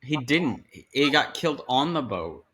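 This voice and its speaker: A man's voice: medium pitch, sing-song, measured pace, a bit bright, slightly rough. A man in a casual podcast chat, talking in a matter-of-fact way and correcting details. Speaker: podcast participant.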